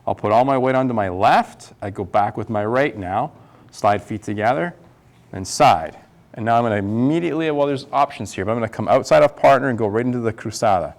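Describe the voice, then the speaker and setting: A man's voice: mid-range voice, brisk. Man counting out tango steps. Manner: counts steps aloud while demonstrating. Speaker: tango instructor. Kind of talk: dance class instruction. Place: dance studio.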